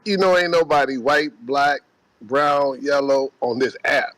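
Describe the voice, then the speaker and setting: A man's voice: medium pitch, measured pace, a bit bright, no echo, low-quality recording. A man calling into a live talk room, chatting in a laid-back, slangy way and laughing easily. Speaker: caller. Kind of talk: casual chat.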